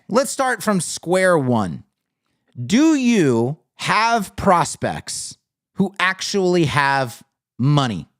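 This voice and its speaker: A man's voice: a little high, no room sound, studio quality. Chatty American man hosting a live stream. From United States. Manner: conversational, with frequent fillers and repeated phrases. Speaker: livestream host. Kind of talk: casual live-stream talk reading chat.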